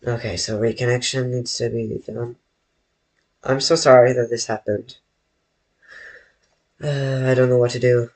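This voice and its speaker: A man's voice: medium pitch, level tone, darkish tone. A man drawing on a live stream from his bedroom, rambling to his viewers and often correcting himself. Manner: slow, rambling, self-correcting, talks to chat. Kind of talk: casual live-stream chat while drawing.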